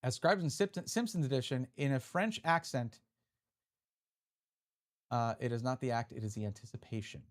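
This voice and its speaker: A man's voice: mid-range voice, normal speed, long pauses. A man live-streaming, chatting casually and reading out viewer messages as he opens card packs. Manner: chatty, reads chat aloud, restarts often.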